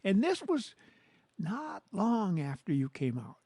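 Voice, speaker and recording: A man's voice: sits high, wildly swooping pitch, takes it slowly, warm tone, breathy edge, no echo. A man co-hosting a podcast, chiming in as a supportive, affirming listener. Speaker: podcast co-host. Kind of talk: casual podcast conversation.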